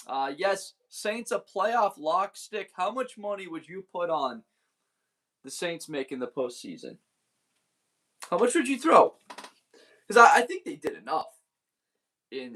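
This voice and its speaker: A young man hosts a casual sports livestream, chatting with viewers by name and laughing easily. His voice sits a little high and swings up and down with lots of life. He sounds laid-back and friendly, like he is talking to the camera from his desk. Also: a bit bright. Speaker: livestream host. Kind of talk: casual livestream chat, reading viewer comments.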